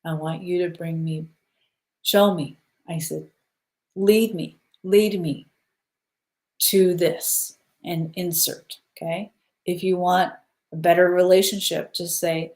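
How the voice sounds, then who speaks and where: Low-voiced woman guiding a breathing ritual. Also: fairly even intonation, slow pace, a little mellow. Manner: soothing, repeats "okay?" to check in. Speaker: spiritual live-stream host. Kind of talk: casual guided spiritual talk.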